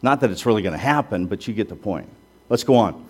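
A man's voice: fairly low pitch, animated, quick pace, darkish tone, slightly rough. A male pastor preaching a sermon in a conversational way, with rhetorical questions and self-deprecating asides.

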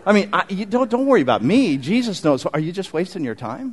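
Male pastor, middle-aged, animated conversational sermon, slightly higher voice. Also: brisk. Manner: animated, conversational preaching with asides to the congregation.

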